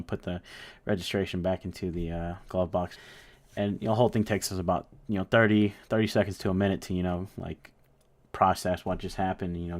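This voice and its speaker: A young man casually telling a story, rambling and swearing with lots of fillers. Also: deep voice. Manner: rambling, profane, full of fillers.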